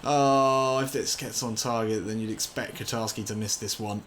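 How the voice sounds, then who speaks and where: A man commentating on his own football video game session, excitable and swearing, shouting when things go wrong. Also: lowish voice, brisk, a little hiss or hum. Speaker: gaming commentator.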